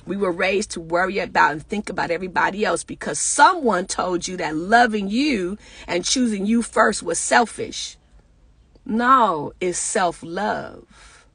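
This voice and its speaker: Husky woman preaching casually. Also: mid-range voice, normal speed, fairly bright tone, no room sound. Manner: conversational, preacherly, talks back to listeners. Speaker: pastor and speaker. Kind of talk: casual motivational talk.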